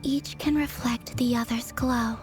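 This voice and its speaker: A woman voicing a weary, fading frost moon goddess in a game, in a breathy, solemn whispered role-play. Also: on the high side, steady tone, music in the background, close to an everyday voice. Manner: solemn, sorrowful, measured.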